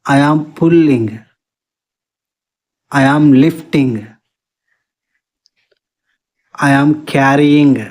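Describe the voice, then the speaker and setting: Slow, measured vocabulary drill voice. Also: medium pitch. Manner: slow, even, one short sentence at a time. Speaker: spoken English teacher.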